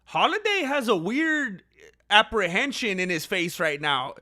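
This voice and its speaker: Young male fight-stream commentator, high and bright voice, opinionated, talks to viewers, gets loud in close moments. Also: big pitch swings, unhurried. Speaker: fight watch-along commentator. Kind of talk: casual live reaction commentary.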